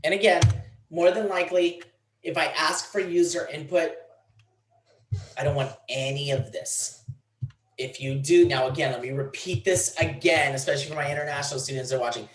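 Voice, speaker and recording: A man's voice: on the high side, steady tone, moderate pace, reverberant, poor audio. A man teaching a programming class, blunt and teasing, in a classroom. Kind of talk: classroom lecture.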